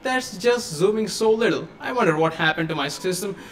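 A young man with a high voice walks through a program on his computer in a casual live-stream tutorial. He talks loosely and thinks aloud as he clicks, close to a desk microphone. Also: lively intonation, a little fast, fairly bright tone, soft background music. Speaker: software tutorial host.

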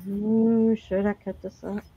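A woman in a casual crafting chat, talking in a relaxed way while she works. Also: medium pitch, slow pace, narrow, tinny audio, slight background noise. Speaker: co-host crafting guest.

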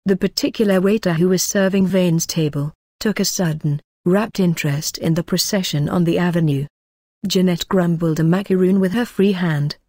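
A woman narrating a novel in a measured, lyrical reading. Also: on the low side, steady tone, dark tone, no echo, studio quality. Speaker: audiobook narrator. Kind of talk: scripted narration.

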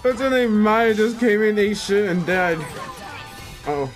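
A man giving casual, excitable commentary while playing a fighting game, gasping and laughing as he reacts. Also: high voice, unhurried, music in the background. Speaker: let's player.

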